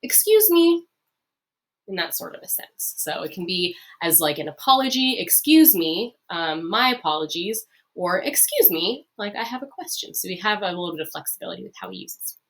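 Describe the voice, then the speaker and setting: A woman teacher explaining a lesson in a friendly, upbeat way, with many fillers, who repeats key phrases slowly. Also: fairly low pitch, big pitch swings, fairly bright tone. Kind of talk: recorded lesson.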